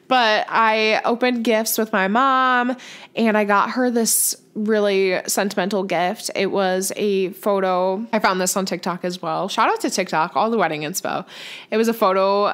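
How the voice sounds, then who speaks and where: A woman's voice: medium pitch, a little slow, fairly bright tone. Bubbly chatty young woman. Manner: bubbly, chatty, says "like" a lot. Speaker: podcast host. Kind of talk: casual chat.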